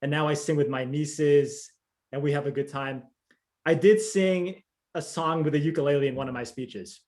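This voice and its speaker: Contestant guy on a video call, kinda high voice, joking around. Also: steady tone, moderate pace, darkish tone. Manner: playful, joking. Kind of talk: casual interview answers.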